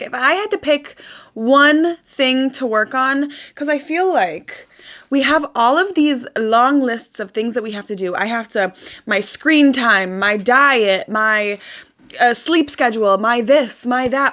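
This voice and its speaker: A woman's voice: on the high side, a bit bright. A young woman hosting a casual self-help vlog, chatty and upbeat with lots of fillers, speaking into a desk mic. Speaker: host.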